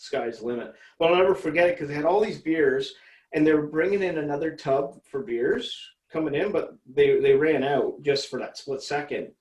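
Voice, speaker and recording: A man's voice: mid-range voice, echoey room, low-quality recording. A man telling a story as an interview guest, casual and profane, rambling and laughing as he goes.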